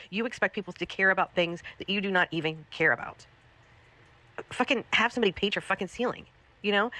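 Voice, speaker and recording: A woman's voice: fairly low pitch, pushed and bright. A woman hosting a commentary livestream, ranting in an exasperated, profane way, repeating herself.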